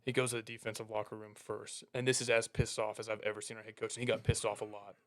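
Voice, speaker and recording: A young man casually telling a story as a podcast co-host, animated and laughing through the punchlines as he acts out his coaches' lines. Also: fairly low pitch, fast talker.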